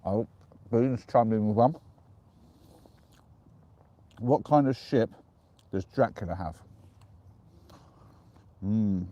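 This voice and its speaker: An English man chatting casually on a live stream from the dark woods at night, giggling as he reads out viewer jokes. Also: lowish voice, takes it slowly, pauses often, muffled recording. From England.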